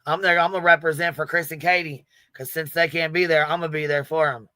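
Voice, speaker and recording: A man's voice: on the high side, steady tone, quick pace, bright, forceful tone, no room sound. A man hosting a livestream panel in casual chat, brash and profane and laughing often.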